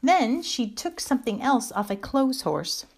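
A woman's voice: a little high, unhurried, slightly rough. Woman reading a children's story aloud. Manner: gentle, expressive storytelling.

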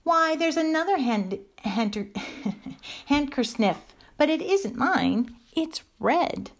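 A woman's voice: high-pitched, expressive, takes it slowly, voice pushed up, exaggerated voice. A woman voicing a curious, polite little girl in a storybook reading, eagerly asking questions.

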